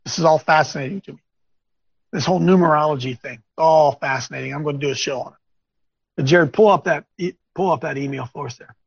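High, gravelly man preaching informally. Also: fast, no room sound, lo-fi sound. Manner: animated, rambling, folksy asides. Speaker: host of a Bible teaching show. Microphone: on camera, wearing glasses.

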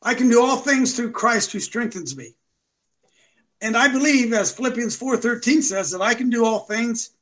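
A man's voice: very high voice, animated, normal speed, rough recording. A man hosting a show, giving combative, mocking commentary. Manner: preachy, mocking, rising to shouts. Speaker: show host.

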